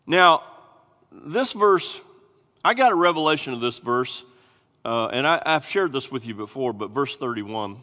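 A male pastor preaching a sermon in an animated way, acting out scripture voices with big swings in pitch. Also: a little slow. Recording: long hall reverb.

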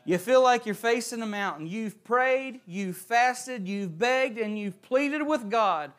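High-voiced preacher. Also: male voice, expressive, slow pace, few pauses, fairly bright tone. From West Virginia. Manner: reads scripture, prays, then tells stories with rising emphasis. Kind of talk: sermon.

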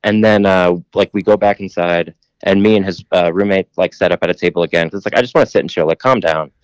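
A man's voice: deep voice, fast, smooth, no echo. A man telling a long rambling story in casual podcast chat, full of "like" and casual swearing.

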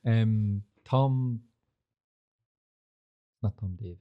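A man's voice: lowish voice, very slow, lo-fi sound. A young man hosting a casual podcast, rambling through stories with lots of fillers and swearing. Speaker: podcast host. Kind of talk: casual chat.

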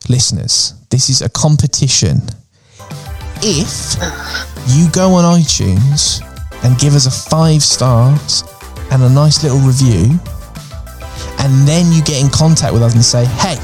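A man's voice: mid-range voice, a little slow, darkish tone, faint music behind. A man co-hosting a podcast, telling a story in casual chat and swearing freely. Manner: sweary, retells the story acting out voices. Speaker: podcast co-host.

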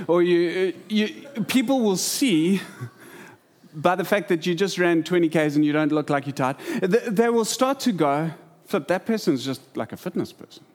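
A middle-aged man, preaching a sermon and telling stories in a lively way, his voice often jumping higher and faster. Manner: animated storyteller, jumps in pitch and speed. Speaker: pastor. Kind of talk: sermon with storytelling.

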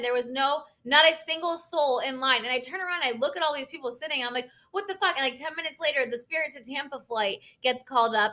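A young woman with a high, bright voice tells a long story in casual chat. She talks in loose, filler-heavy bursts and curses freely. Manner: animated storytelling, lots of "like" fillers and swearing.

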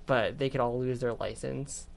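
A woman's voice: a bass voice, fairly even intonation, normal speed, vocal fry. Chatty young woman co-hosting radio. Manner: rambling, filler-heavy, giggly. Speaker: radio show co-host. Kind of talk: casual scripted radio chat.

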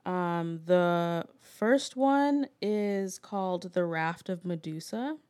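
A woman co-hosting a casual podcast, talking in an unhurried, low-key way. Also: a little mellow, clean tone, no room sound. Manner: unhurried, low-key, mostly brief agreement. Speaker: podcast co-host.

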